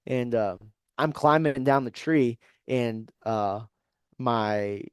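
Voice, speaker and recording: Brief: young adult man, podcast guest, animated storyteller, mid-pitched voice, dry close recording. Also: slow pace, clean tone, no room sound. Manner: animated, breathless retelling with frequent "you know what I mean". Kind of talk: casual storytelling.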